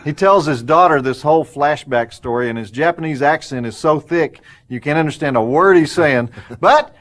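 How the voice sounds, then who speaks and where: A man's voice: on the high side, moderate pace, a bit bright. A middle-aged man, hosting a film show with wry, joking banter. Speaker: host.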